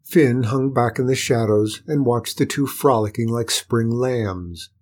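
Storybook narrator, calm and measured, husky man, mid-pitched. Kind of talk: storybook reading.

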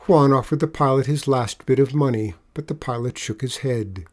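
Man narrating a storybook, gentle and measured, medium pitch. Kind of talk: storybook reading.

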